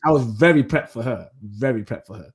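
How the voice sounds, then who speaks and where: A man in casual chat on a podcast, mid-pitched and easygoing. He tells anecdotes with energy, acting out what each person said. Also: fairly quick. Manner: animated storytelling, acts out quotes. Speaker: podcast co-host.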